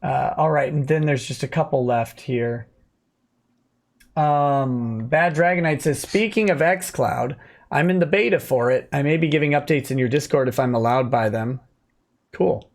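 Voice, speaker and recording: A man's voice: medium pitch, normal speed, gravelly. A man hosting a casual late-night livestream, reading viewer comments aloud and answering them with dry quips.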